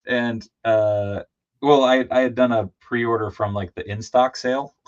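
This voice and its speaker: A man chatting casually while painting a toy figure on a livestream, laughing and lively as he tells stories. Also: a little slow. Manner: animated, laughing, jumps into high excited voices when telling stories. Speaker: co-host of a toy customizing livestream. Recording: slightly dull lo-fi stream audio.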